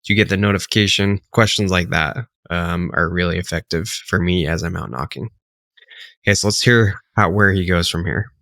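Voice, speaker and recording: Low-voiced man coaching sales, dry sound. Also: moderate pace, gravelly, no echo. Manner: relaxed, filler-heavy, explains step by step. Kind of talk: casual coaching commentary.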